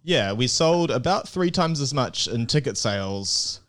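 A man co-hosting a casual chat show, telling a story in a relaxed, rambling way with plenty of fillers. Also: medium pitch, a little slow. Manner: easygoing, rambling anecdotes with many fillers. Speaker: comedy club co-owner and podcast co-host. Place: comedy club in Barcelona.

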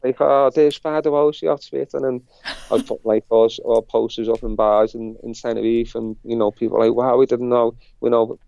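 A middle-aged man with a Liverpool accent tells a story in a casual interview. His voice is mellow and dark, and he rambles and repeats himself. The recording is dry and a little dull and lo-fi. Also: medium pitch, monotone, a little fast, dry recording. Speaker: interview guest. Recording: dull lo-fi sound.

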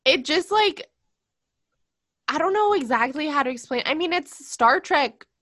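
A woman with a bright, forceful tone talks through an episode in an easygoing conversation. She laughs often and turns thoughtful when she considers the story's meaning. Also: high voice, animated, unhurried. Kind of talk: casual chat discussing an episode.

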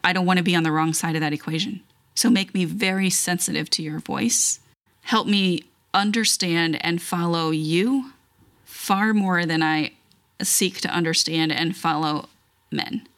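A woman reading a long Bible passage aloud, then leading an earnest, measured spoken prayer. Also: on the low side, fairly even intonation, a bit bright. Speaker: scripture reader leading prayer.

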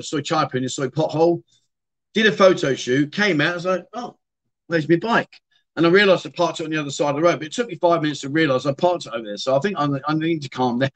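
Middle-aged guy hosting a live stream, chatty and rambly, replying to the chat, voice a bit on the high side. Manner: rambling, chatty, answers viewers' comments as he reads them. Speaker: livestream host.

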